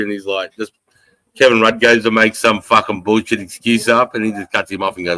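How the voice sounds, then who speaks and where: An Australian man with a low, forceful voice chats casually on a live stream. He talks in a blunt, rambling way, swearing often. The sound is dry and close, with no room echo. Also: steady tone, a little fast. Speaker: livestream host reading chat.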